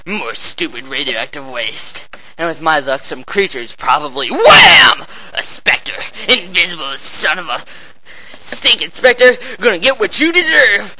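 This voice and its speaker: A man narrates his shooter game in a hammy, theatrical way, full of shouty bravado. His voice sits high, with a gravelly rasp and a bright, forceful edge. He swings his pitch widely and draws out many words. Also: big pitch swings, a little slow, rough recording. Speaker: game player.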